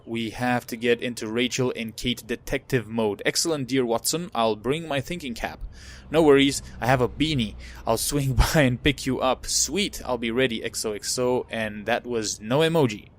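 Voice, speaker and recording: A man playing a story game for a let's play video, reading the on-screen texts aloud with casual asides and fillers. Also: mid-range voice.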